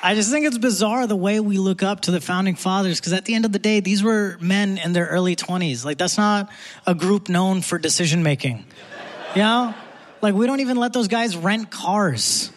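A young male comedian works a theater crowd in a live stand-up set. His voice sits high for a man, and his delivery is quick and conversational, built around punchlines. The audience and a faint hum of the room sit beneath him. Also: big-room sound.

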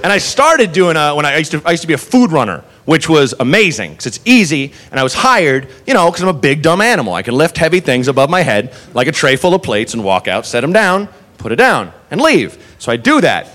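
A man's voice: fairly high pitch, sing-song, fairly quick, a bit bright. A man doing a stand-up set, telling a profane story and acting out the people in it. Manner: profane storytelling, acts out characters. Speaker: stand-up comedian. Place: comedy club stage before a laughing audience. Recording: live club recording with crowd and noise. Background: audience laughter.

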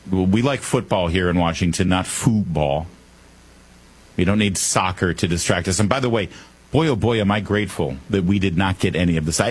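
A man hosting a talk radio show, delivering a comedic monologue full of sarcastic jokes and wry asides. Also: on the low side.

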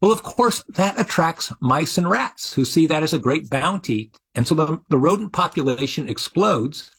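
A man's voice: on the high side, animated, moderate pace, breathy edge. A middle-aged man, a biology professor, giving interview answers in an explanatory way with frequent restarts.

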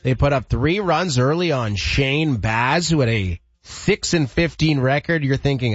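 A man's voice: medium pitch, slightly rough, dry recording. Wry male sports radio host. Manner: brisk, wry, animated when recapping. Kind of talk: morning sports radio talk. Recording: dry, slightly dull studio sound.

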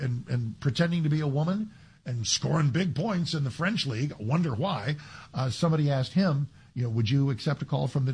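A talk radio host, a man, works through a heated opinion monologue with sarcastic asides and quick repetitions. His voice is very husky and breathy, with a steady middle pitch. It sounds like a studio microphone. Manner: emphatic, sarcastic, with frequent restarts.

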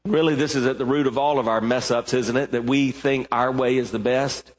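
A male pastor preaching a sermon, emphatic, rising to fervent stretches and slowing down for weighty points. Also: medium pitch, fairly even intonation. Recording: long reverb of a large hall.

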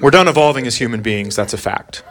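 A man's voice: medium pitch, animated, fast talker, background noise. A man and father doing stand-up comedy, telling a wry, blunt story on a club stage.

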